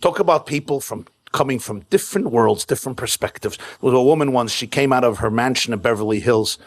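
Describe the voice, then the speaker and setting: A male rabbi delivers a keynote sermon before a live audience at a private home, trading between humor and storytelling with brief, punchy phrases he repeats. His voice sits in the mid range, and his pace is quick.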